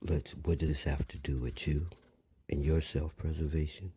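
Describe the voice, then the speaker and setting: An older man delivering a blunt, rambling monologue, often dropping to a rough whisper. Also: rumbling low, flat delivery, moderate pace, warm tone. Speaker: commentator. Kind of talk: preachy monologue.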